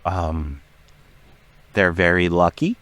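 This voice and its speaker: A middle-aged man, a podcast guest, telling a story with lots of swearing and dramatic acted-out shouting. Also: low-pitched, slow, no echo. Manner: profane, dramatic, acts out his own shouting. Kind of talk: animated storytelling.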